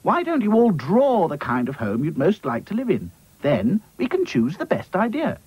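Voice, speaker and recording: A man doing a bossy sporty girl rag doll for a cartoon, squeaking up high and swooping all over as she rallies everyone, with a soft, breathy edge and faint music under her. brisk and encouraging. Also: huge pitch swings, no echo, highs cut off, exaggerated voice. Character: energetic bossy female rag doll who jogs.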